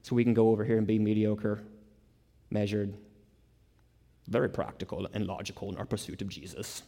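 A man's voice: on the low side, steady tone, normal speed, gravelly, warm tone. A man preaching a sermon, emphatic, piling up repeated words and rising into bursts. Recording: long hall reverb.

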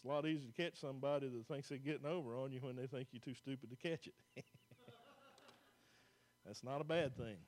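A pastor, preaching a folksy, plain-spoken sermon to a church congregation. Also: male voice, mid-range voice, brisk, pauses often, a little mellow.

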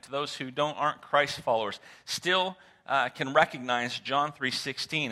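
Pastor guy preaching, bright tone, asks the crowd stuff, gets dramatic. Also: medium pitch. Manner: conversational, asks the congregation questions, repeats words; animated, dramatic emphasis. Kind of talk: sermon. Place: church sanctuary.

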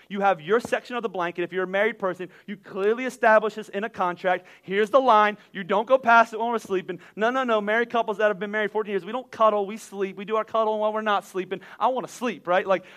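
A man, preaching a sermon with energetic, repetitive emphasis that builds to loud peaks. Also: sits high. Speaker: pastor.

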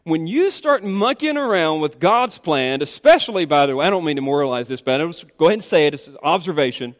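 A male pastor preaching a sermon, emphatic and animated, swinging between loud insistent stretches and hushed asides. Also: fairly high pitch, a little fast. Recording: reverberant hall.

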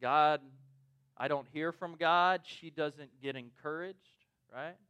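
A man's voice: fairly high pitch, slow, sharp tone, smooth. A man preaching a sermon in a conversational, storytelling way, often checking in with "right?". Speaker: pastor.

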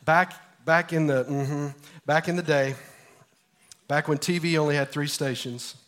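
A man in his forties preaching a sermon as pastor, telling stories with energy and then dropping to a hushed, earnest tone. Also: fairly high pitch, unhurried. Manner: animated storytelling, swinging from loud to hushed. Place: church.

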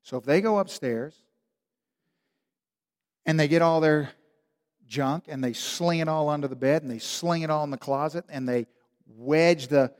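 Male pastor, emphatic sermon delivery, high-pitched, echoing church hall. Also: measured pace, pauses often. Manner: animated, emphatic storytelling.

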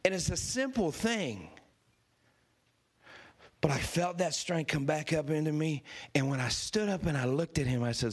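Male preacher in his usual pitch, lively storyteller who laughs and acts out voices. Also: unhurried, pauses often, husky. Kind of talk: storytelling sermon.

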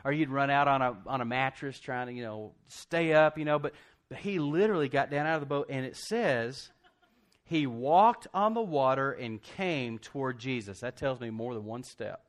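A man preaching, animated and folksy. He tells the story like a conversation, slips into voices for the quotes and laughs often. His voice sits at an ordinary middle pitch for a man. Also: moderate pace. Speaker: pastor. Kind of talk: sermon.

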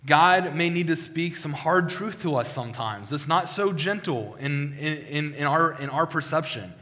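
A man's voice: on the high side, lively intonation, moderate pace, bright, forceful tone. A male pastor giving a sermon with a personal testimony, talking conversationally with frequent restarts and repeated words. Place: church sanctuary. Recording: long hall reverb.

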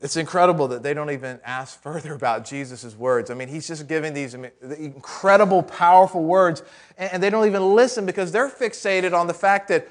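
Male pastor, high voice, chatty sermon with rhetorical questions and light jokes. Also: brisk. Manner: conversational, with rhetorical questions and joking asides.

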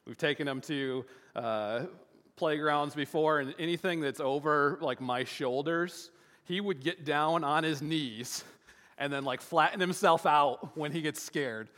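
A man in his thirties rambles through a story about his kids, stacking up fillers and false starts. His voice sits a bit high and sounds bright and forceful. A long reverb trails behind him, as if he is in a large hall. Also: unhurried. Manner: rambling, many fillers and restarts. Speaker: father telling a family story. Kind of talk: casual personal storytelling.

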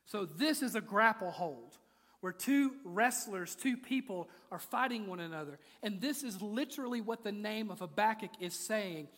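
A man's voice: high voice, expressive, moderate pace, a bit bright. A man preaching a sermon in a church, moving from playful asides to intense, rising appeals. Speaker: pastor. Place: church sanctuary. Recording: large hall with long reverb.

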